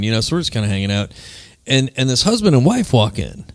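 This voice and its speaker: A man's voice: medium pitch, very animated, fast talker, no room sound. A man hosting a casual podcast conversation, telling stories in a chatty way and filling his talk with "man" and "you know.". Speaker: podcast host and co-founder of a men's mental health group.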